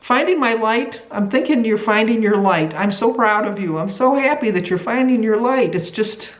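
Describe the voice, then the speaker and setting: A middle-aged woman from the United States chatting to camera in a weight-loss vlog, rambling and halting, with many restarts. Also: a little high. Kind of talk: casual chat to camera. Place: a room at home. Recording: echoey room.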